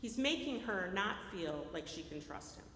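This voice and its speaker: A woman preaching a sermon in a lively, conversational way, often checking in with her listeners by asking "right?". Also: medium pitch, moderate pace, slight background noise. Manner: animated, keeps checking in with the audience by asking "right?". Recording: echoey hall with long reverb.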